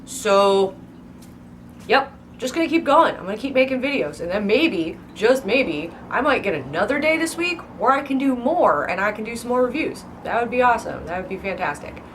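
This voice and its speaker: This woman's voice sits on the high side and swings widely in pitch, at a moderate pace with a little background noise. A hyper, playful book vlogger, she rambles casually, stretching words and exaggerating how they sound.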